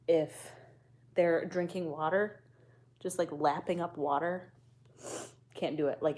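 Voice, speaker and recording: Chill lady vlogger just chatting, kinda slow, sighs a lot, swears casually. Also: low voice, a little mellow. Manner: laid-back, sighing, swears casually. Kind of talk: casual chat to camera.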